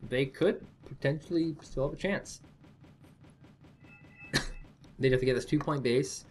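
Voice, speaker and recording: A man calls a strategy game match in loose, casual commentary. He rambles and jokes as he thinks aloud, in a voice of ordinary, middling pitch. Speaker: esports caster.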